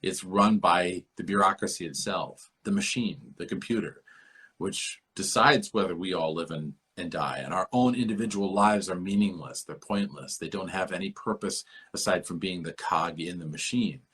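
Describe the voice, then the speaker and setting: A podcast host with a deep, slightly bright, breathy voice speaks at normal speed over a remote call. He muses at length about a book in a rambling, lecturing literary discussion, repeating himself as he thinks aloud.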